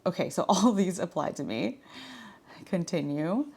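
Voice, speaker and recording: A woman's voice: fairly low pitch, lively intonation, a little slow, a little mellow, slightly rough. A woman in her thirties vlogging in a frank, chatty way, full of filler words. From Washington state. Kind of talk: casual chat.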